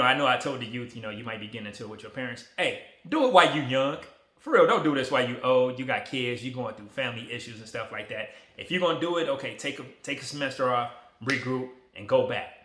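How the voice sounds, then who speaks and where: A man in his forties talking casually to a phone camera, relaxed, emotional and motivational. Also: mid-range voice, echoey room. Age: 40s. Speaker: vlogger.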